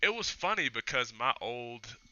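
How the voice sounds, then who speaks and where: A man's voice: mid-range voice, sing-song, moderate pace, pushed and bright, dry recording. A man, a podcast guest chatting casually and telling reflective stories, acting out what people said. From Tennessee, US. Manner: reflective, storytelling, acts out quoted dialogue. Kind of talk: casual interview chat. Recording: dull lo-fi sound.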